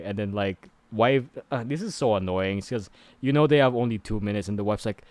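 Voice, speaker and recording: A man's voice: on the low side, fairly quick, a little mellow, dry recording. A man streaming a casual movie recap, rambling with many fillers and growing exasperated.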